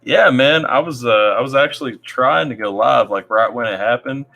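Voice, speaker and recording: A man's voice: mid-range voice, normal speed, gravelly, a bit bright. A man hosting a casual live stream, reading viewer comments aloud in a laid-back way. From Tennessee. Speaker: livestream host.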